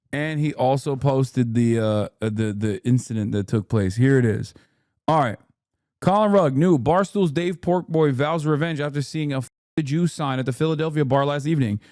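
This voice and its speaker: A man giving casual livestream commentary on the news, excitable and profane, swinging into high, incredulous outbursts. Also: no room sound, studio quality. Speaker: streamer reacting to news.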